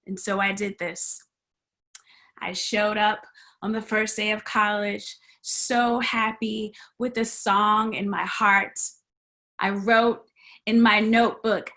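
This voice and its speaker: Woman preaching a story in church, slow and dramatic, bright highish voice, does the voices, goes to whispers sometimes. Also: fairly even intonation. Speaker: guest preacher. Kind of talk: storytelling sermon. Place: church sanctuary.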